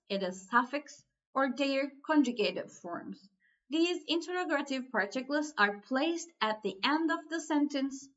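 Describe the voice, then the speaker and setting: A woman teaching a language lesson in a slow, deliberate way, repeating key points as she explains. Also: high-pitched, fairly bright tone, lo-fi sound.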